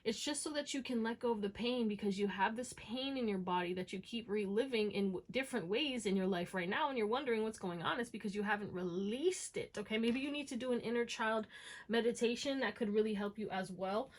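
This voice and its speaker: A woman's voice: a little high, fairly quick. A woman giving a casual pick-a-card tarot reading, talking straight to her viewers with lots of "okay?" and "you know what I'm saying?". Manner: slang-flavored, encouraging, talks to viewers as y'all. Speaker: tarot reader.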